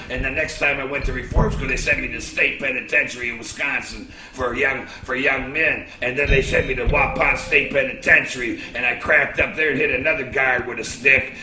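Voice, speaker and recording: An older man telling rambling, profane, boastful stories as an interviewee, sometimes breaking into shouting. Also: mid-range voice. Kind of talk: rambling storytelling. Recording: echoey with loud music.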